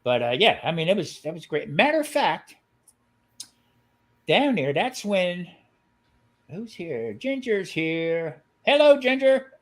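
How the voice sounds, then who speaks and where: Older male co-host, rambling anecdotes, animated pitch, slightly high voice. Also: takes it slowly, pauses often. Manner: rambling storyteller, jokey. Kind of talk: casual chat.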